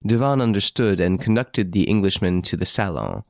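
A man reads a classic story aloud in a low, gravelly voice with a lively, wide-ranging delivery. The recording is close and dry, with no room sound. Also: normal speed, hardly any pauses, dry recording. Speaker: narrator. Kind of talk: audiobook narration.

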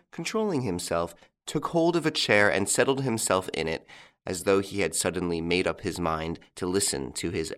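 Low-voiced male audiobook narrator. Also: a bit bright.

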